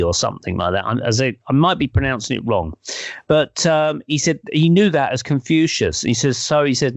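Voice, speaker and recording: A man's voice: mid-range voice, animated, brisk, vocal fry, no echo. A man telling a story casually, rambling along with many fillers and self-corrections.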